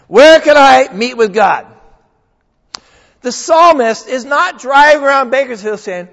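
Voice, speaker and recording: Animated older man preaching in a hall. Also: extremely high pitch, a little slow. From New England. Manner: folksy, joking, animated preaching. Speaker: pastor. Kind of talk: sermon. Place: church sanctuary. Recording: dull sound in a long-echo hall.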